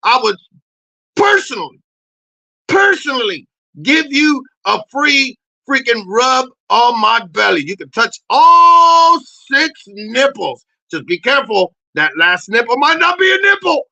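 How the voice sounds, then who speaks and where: A man voicing a crude, brash male dog who rants and shouts in a comedy podcast bit. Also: very high voice, very animated, a little slow, creaky, voice pushed up, heavily acted.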